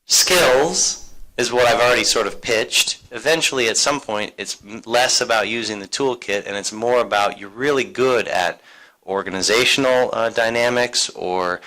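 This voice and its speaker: Poor audio captures a man speaking at a moderate pace in a medium-pitched, pushed and bright voice. He's on an alumni career panel at a university seminar, talking casually and conversationally with many fillers and restarts.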